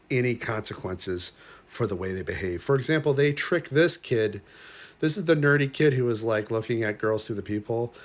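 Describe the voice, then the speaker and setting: A man casually breaking down a film as a reviewer, chatty and full of "like", with exasperated, incredulous asides. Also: mid-range voice. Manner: chatty, lots of "like", quick asides. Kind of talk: casual movie breakdown commentary.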